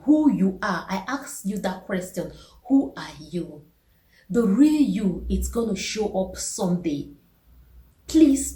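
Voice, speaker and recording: A young woman talks straight to her viewers about self-care, leaning on repeated words and pointed questions. Her voice is mellow and soft at the top, and the room around her echoes. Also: medium pitch. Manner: earnest, repeats key words for emphasis, asks the listener direct questions. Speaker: vlogger. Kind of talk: motivational self-care talk to camera.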